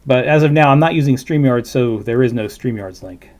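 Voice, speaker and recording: A man talks casually to his stream viewers from his computer. His commentary rambles, with fillers and side remarks, at an ordinary middle pitch. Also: a little fast, a little mellow. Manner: rambling, chatty, with fillers and asides. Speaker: livestream host reacting to a video.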